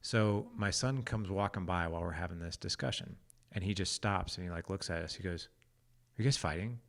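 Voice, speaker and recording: A man's voice: sits low, a little fast, vocal fry, fairly bright tone. A man as a podcast guest, telling a family story in a laid-back way and acting out the quotes. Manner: laid-back, laughs easily, acts out quotes. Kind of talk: casual storytelling.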